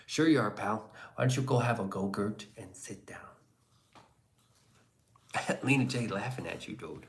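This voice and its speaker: A man's voice: on the low side, a little slow, long pauses. A man casually reading viewer comments on a live stream, sarcastic and crude, slipping into whispers and mock voices.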